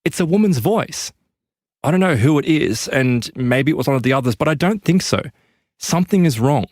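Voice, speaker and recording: A man's voice: on the high side, animated, normal speed, darkish tone, dry recording, studio quality, pitched above the performer's own voice. A man voicing a frightened woman who hears an unseen presence, urgent and uneasy.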